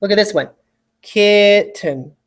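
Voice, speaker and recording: A spelling teacher giving a recorded lesson for children, patiently repeating each example word with slow, exaggerated enunciation and checking in often. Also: medium pitch, expressive.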